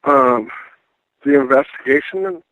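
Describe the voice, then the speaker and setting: A middle-aged man, a paranormal investigator, telling a ghost story in a casual, animated way and acting out the voices he quotes. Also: mid-range voice, takes it slowly, no echo. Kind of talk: casual storytelling on a radio call-in. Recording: dry tinny phone line.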